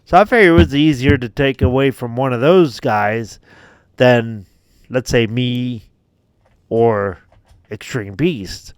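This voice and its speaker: A man's voice: medium pitch, slow, clear, resonant tone, no echo. A man hosting a gaming video, casually telling a laid-back story with frequent laughs and free swearing. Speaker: gaming channel host.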